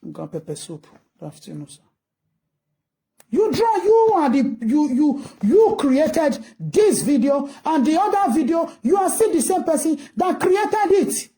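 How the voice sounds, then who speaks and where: Nigerian woman, ranting commentary, scolding rhetorical tone, high-pitched, mellow voice. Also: expressive, a little slow, few pauses. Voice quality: mixes English and Pidgin, scolding and rhetorical.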